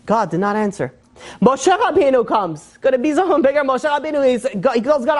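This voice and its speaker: A woman giving a religious lesson, telling stories in an animated way and acting out the quotes, with lots of repetition and fillers. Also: fairly high pitch. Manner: fast, repetitive speech with fillers. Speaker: Torah teacher.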